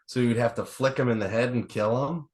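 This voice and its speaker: A man's voice: medium pitch, fairly quick. A man co-hosting a podcast, telling family stories in casual, profane chat with a laid-back delivery. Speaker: podcast co-host.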